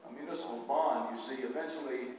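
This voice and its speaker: A man's voice: medium pitch, quick pace, darkish tone. A man giving a commencement address from a stage, telling folksy stories with jokes. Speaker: commencement speaker. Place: arts center stage, large hall. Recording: echoey hall from far off.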